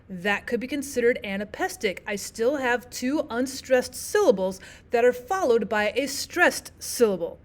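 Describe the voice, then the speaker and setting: A woman teaching a recorded lesson, explaining terms step by step in a clear, methodical way and repeating the key points. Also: a little high, lively intonation, a little slow.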